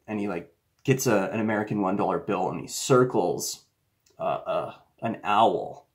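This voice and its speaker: A man talking casually to the camera and retelling a film in a rambling, conspiratorial way, with many fillers. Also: on the low side. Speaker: commentator. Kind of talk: casual monologue.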